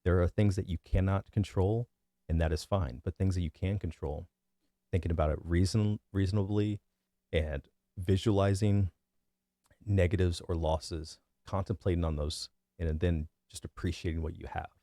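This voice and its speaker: A man in his thirties with a deep bass voice, giving his opinions in a casual, rambling monologue full of fillers and restarts. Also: fairly even intonation, normal speed, warm tone, no echo, studio quality. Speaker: vlogger.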